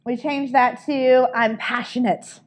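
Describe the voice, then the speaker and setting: Upbeat woman leading a training session, a touch high-pitched, keeps checking in with the room. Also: fairly even intonation, slow. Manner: upbeat, coaching, often asks "right?". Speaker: sales trainer.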